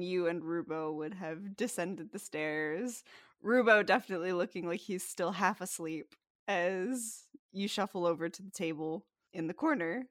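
A woman's voice: lowish voice, fairly bright tone, dry recording, studio quality. A woman running a tabletop game, narrating in a loose, casual way with many fillers. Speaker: game master.

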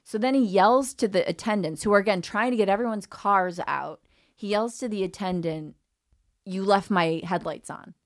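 A woman comedian telling a story on a podcast in a lively, profane way, acting out the people in it. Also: mid-range voice, brisk. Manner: animated storyteller who swears freely and acts out quoted people. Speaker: guest comedian.

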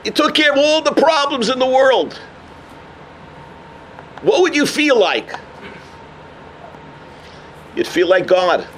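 Animated high-voiced rabbi telling a story. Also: male voice, slow pace, long pauses, slight background noise. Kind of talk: sermon on the weekly portion.

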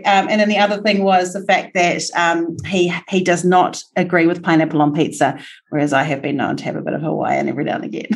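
A woman with a New Zealand accent hosting a casual podcast interview, bubbly and quick to laugh. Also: lowish voice, steady tone. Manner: chatty and bubbly, laughs often. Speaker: podcast host.

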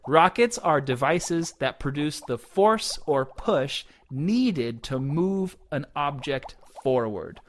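Lively, animated male podcast co-host. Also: medium pitch, a little hiss or hum. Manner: playful, joking, stumbles over hard names. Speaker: podcast co-host explaining science. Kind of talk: casual educational chat.

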